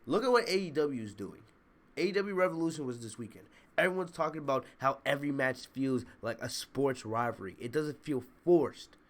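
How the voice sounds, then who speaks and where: A man's voice: medium pitch, expressive, fairly quick. A man giving a blunt, opinionated review in a casual ranting manner, often repeating his points. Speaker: wrestling show reviewer.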